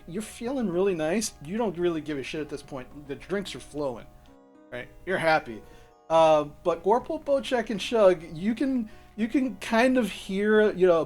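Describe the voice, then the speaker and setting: Rambling man as game master. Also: high voice. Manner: loose, rambling, swearing narration. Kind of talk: narrating a tabletop game.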